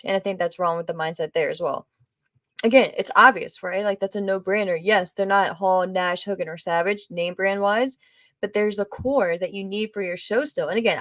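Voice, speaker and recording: A woman's voice: medium pitch, no echo. A woman hosting a podcast, casually talking through a TV series with sarcastic asides and plenty of fillers. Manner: conversational, sarcastic asides, frequent fillers and swearing. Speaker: podcast host.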